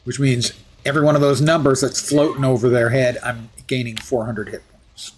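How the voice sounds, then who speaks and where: A man's voice: mid-range voice, little pitch movement, moderate pace. A man streaming live, chatting through gameplay with wry asides and jokes.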